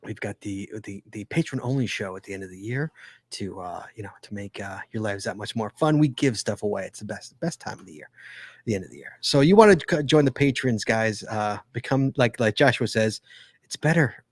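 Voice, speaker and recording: A man's voice: fairly low pitch, brisk, dry recording. A man hosting a live podcast, chatting casually and joking with his guests in a rambling way. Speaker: podcast host.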